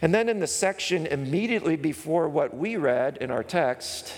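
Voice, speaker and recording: A pastor preaching a sermon, earnest and explanatory, sometimes acting out a comic skit with a raised voice. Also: male voice, on the high side, moderate pace. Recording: long hall reverb.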